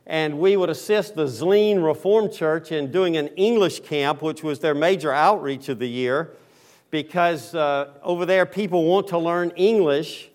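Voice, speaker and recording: A man in his sixties with a high, light voice and a Southern drawl preaches a sermon as a visiting pastor. He talks in a folksy, storytelling way, pausing often on ums and uhs. His words are a little muffled by the face mask he wears. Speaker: guest pastor. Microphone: speaking through a face mask.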